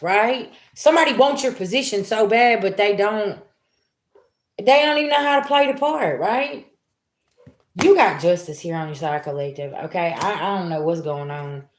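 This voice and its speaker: A woman gives a casual tarot reading, speaking straight to her viewers in loose, everyday language. She talks at a mid pitch and often slips into lively voices for the people she quotes. The room around her sounds echoey. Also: brisk. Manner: colloquial, talks straight at the audience. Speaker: tarot reader.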